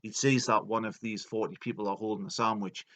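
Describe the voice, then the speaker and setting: Rambling man, deadpan comic storyteller. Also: on the low side, a little fast. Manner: rambling and deadpan with many fillers. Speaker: video game lore host. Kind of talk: comic retelling of game lore.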